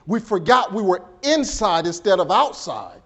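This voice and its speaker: A man preaching a sermon as pastor, swinging between hushed and raised delivery, often repeating words as he builds a point. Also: big pitch swings, normal speed. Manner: preaching with dramatic swings in pitch and volume.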